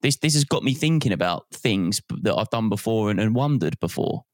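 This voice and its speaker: A man's voice: lowish voice, expressive, fairly quick, no room sound, studio quality. A young man co-hosting a podcast in casual chat, rambling with many restarts and stammers. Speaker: podcast co-host.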